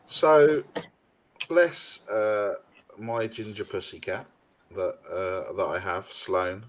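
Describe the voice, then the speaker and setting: A man's voice: fairly low pitch, takes it slowly, a little hiss or hum. A man, co-hosting a casual podcast, telling a rambling anecdote with many fillers and acted-out quoted dialogue. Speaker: podcast co-host. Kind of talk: casual chat.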